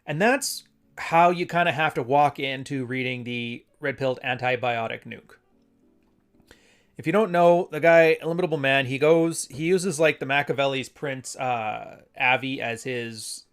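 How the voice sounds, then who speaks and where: Unhurried and fairly bright in tone, this mid-range male host talks over soft background music on his live stream. He reads passages aloud in a loose, rambling way and keeps correcting himself partway through sentences.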